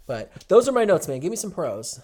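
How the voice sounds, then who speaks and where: A man's voice: a little high, big pitch swings, fairly quick, crowd noise. Enthusiastic man co-hosting a podcast. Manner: gushing, enthusiastic, many restarts. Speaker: podcast co-host. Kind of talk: casual chat.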